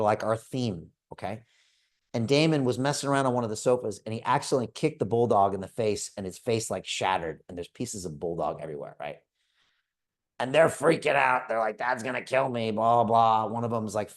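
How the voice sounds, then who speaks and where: A man in his fifties, hosting a crypto investment club over a group video call, gives an energetic, direct motivational sales pitch. He keeps calling his audience folks.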